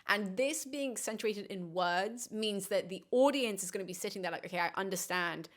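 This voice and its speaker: Enthusiastic woman analysing a film. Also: medium pitch. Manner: animated, quick asides, acts out characters' lines. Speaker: classicist host.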